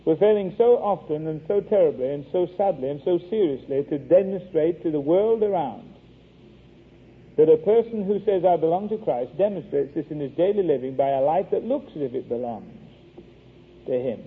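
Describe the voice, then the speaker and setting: A man's voice: a little high, lively intonation, normal speed, slightly rough. A man preaching a sermon, earnest and wry, telling an anecdote to make his point. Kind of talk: sermon with storytelling. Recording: tinny phone-like radio broadcast.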